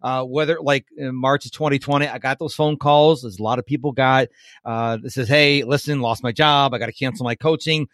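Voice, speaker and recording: A man's voice: mid-range voice, fairly even intonation, brisk, fairly bright tone, no echo, studio quality. Upbeat, enthusiastic male podcast host. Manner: upbeat, enthusiastic, laughs often. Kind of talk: conversational podcast interview.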